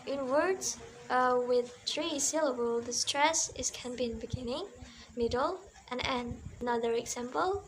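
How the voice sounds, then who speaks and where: A woman's voice: sits high, measured pace, poor audio. Young woman giving a class presentation. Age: young adult. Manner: reads examples aloud one by one. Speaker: student presenter. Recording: faint background noise.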